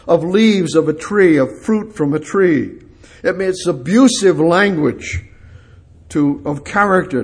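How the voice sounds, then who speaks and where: Husky, slow-talking male preacher. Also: high voice. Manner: reads scripture slowly, then rises into urgent exclamations. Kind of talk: verse-by-verse sermon.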